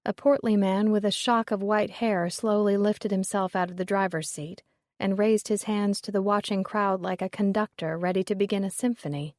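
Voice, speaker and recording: A woman reading a story aloud as narrator in steady, measured narration. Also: medium pitch, no echo, clean studio sound. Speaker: audiobook narrator. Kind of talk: scripted narration.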